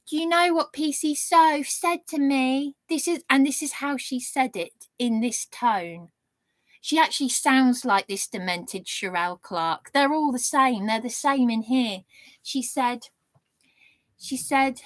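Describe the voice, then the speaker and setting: A woman's voice: high voice, unhurried, no room sound. A woman vlogging an indignant, ranting monologue with sarcastic jabs. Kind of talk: angry monologue to camera.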